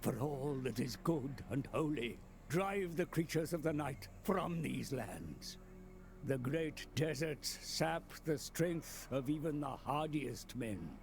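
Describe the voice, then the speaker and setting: An actor playing a solemn, grave male knightly advisor in a video game, speaking in a stately, formal way. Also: a little high. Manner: stately, slow, formal speech. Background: soft game music.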